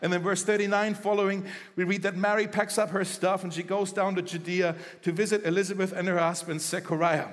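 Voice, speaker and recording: A male pastor preaching a sermon in a conversational, animated way, acting out quoted dialogue. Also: high-pitched, a little fast, few pauses, big-room sound. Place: church.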